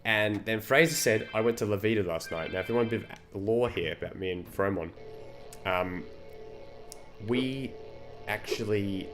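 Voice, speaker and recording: A low-voiced man talks casually over a game stream, drifting into rambling stories. He swears freely and keeps a loose chat going. Game music plays clearly behind him.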